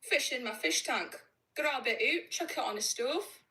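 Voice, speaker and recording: Lively young woman, teasing. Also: on the high side, measured pace, poor audio. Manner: teasing, provocative questions. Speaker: caller on a livestream. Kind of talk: casual chat.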